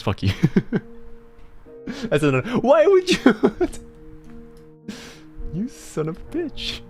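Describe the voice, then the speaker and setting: A man's voice: fairly low pitch, darkish tone. A young man hosting a casual live stream, rambling, laughing often and swearing freely. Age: young adult. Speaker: streamer host.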